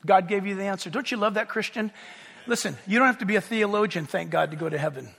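A man preaching a sermon as pastor, animated, shouting out quoted crowds and joking with the congregation. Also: high voice, fast talker, vocal fry, long reverb tail. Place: church sanctuary.

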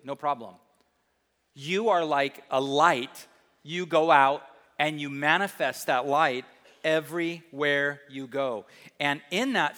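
A man preaching in a church sanctuary, his voice bright and edged, sitting a little high. He drives his points home with emphasis and breaks into playful asides. A long reverb from the large hall trails after his words. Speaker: pastor. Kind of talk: sermon.

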